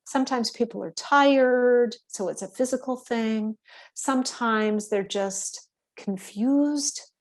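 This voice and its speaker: A woman giving a calm, explanatory instructional talk to veterinary staff, often checking in with her listeners. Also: on the high side, slow. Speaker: workshop presenter for veterinary staff.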